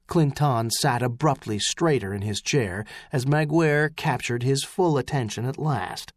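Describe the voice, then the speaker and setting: A man narrating an audiobook with measured, expressive storytelling. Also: mid-range voice, dry recording, clean studio sound. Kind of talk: scripted narration.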